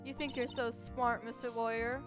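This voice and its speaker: A woman's voice: level tone, normal speed, over loud music, natural voice. A woman voicing a brash, scheming young female witness in a video game, reading her lines with sass and indignation. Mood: indignant. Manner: shrill, indignant, sassy.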